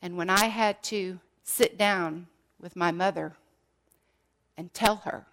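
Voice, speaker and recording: A woman's voice: lowish voice, slow pace, fairly bright tone. A middle-aged woman giving an emotional sermon, sharing her testimony earnestly and sometimes dropping almost to a whisper. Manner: earnest, drops to near whispers at painful moments.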